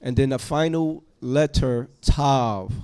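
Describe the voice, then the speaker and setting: Slow, patient male Hebrew teacher. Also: mid-range voice, warm tone, clean tone. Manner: slow, patient letter-by-letter explanation. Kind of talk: classroom teaching. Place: classroom with students.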